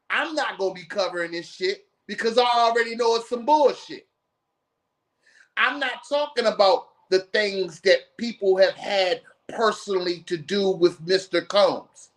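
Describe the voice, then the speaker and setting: A man's voice: high-pitched, fairly bright tone. A man hosting a live podcast stream, ranting bluntly and profanely in heated commentary. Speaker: podcast host.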